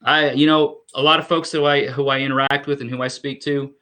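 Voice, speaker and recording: A young man hosting a relaxed live stream, reading out viewer comments and greeting people one by one. His voice sits at an ordinary middle pitch, and his talk is loose and rambling, full of fillers and restarts. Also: a little fast. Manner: chatty, greets viewers by name, many fillers. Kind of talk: casual live stream chat.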